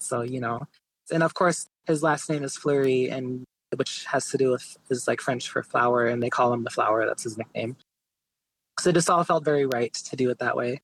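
A man's voice: medium pitch, low-quality recording. Easygoing man telling a story. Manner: relaxed, many fillers like "like" and "you know". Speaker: guest artist. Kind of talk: casual interview storytelling.

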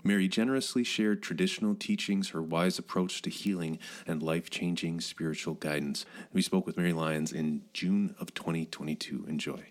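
A man's voice: low voice, steady tone, normal speed, few pauses. A man co-hosting a radio talk show, chatting in a friendly, conversational way. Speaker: podcast co-host. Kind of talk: casual radio chat.

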